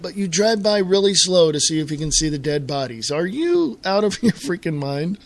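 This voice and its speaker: A man's voice: high voice, very animated, moderate pace. A middle-aged American man hosting his own internet radio talk show alone, ranting in an exasperated way and often repeating and restarting his words. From United States. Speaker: host.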